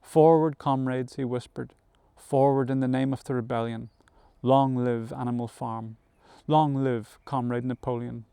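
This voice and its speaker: A sly pig propagandist speechifies in an ingratiating tone, as a man reads him. The voice is smooth and resonant at a middle pitch, recorded close and dry. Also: fairly even intonation, unhurried, few pauses, mellow, no echo. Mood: sanctimonious.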